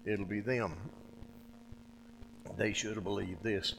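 A man's voice: on the low side, fairly even intonation, takes it slowly, vocal fry, in a large hall, background noise. A male preacher giving a sermon in a folksy storytelling manner, acting out the people in the story.

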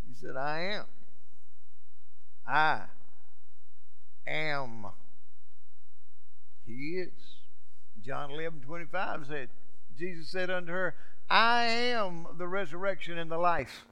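A man preaching a sermon, acting out quoted speech and swinging dramatically from loud outbursts to hushed lines. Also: on the high side, lively intonation, slow, long pauses, clean tone.

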